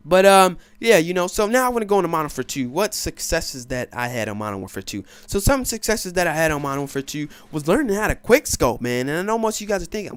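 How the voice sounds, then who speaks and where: A man talking over his gameplay in a brash, boastful way, his pitch bouncing up and down as he gets into his stories. His voice sits a little high for a man. It is recorded dry and close, with no room sound. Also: sing-song, quick pace, clear, resonant tone, no room sound. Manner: boastful, swaggering; profane, laughing storyteller. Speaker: gaming commentator. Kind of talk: casual gameplay commentary.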